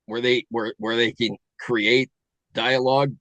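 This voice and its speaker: A middle-aged man hosting a relaxed podcast chat, musing aloud and restarting his sentences as he goes. His voice sounds dry and close to the mic, with no room around it. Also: medium pitch, no room sound, muffled recording. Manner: musing, halting, with many fillers and restarts. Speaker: podcast host. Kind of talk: casual chat.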